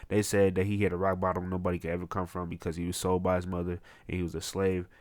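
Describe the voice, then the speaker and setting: A man recapping a manga chapter in casual, excitable, profane slang. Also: low-pitched, fast, dry recording. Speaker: manga reviewer.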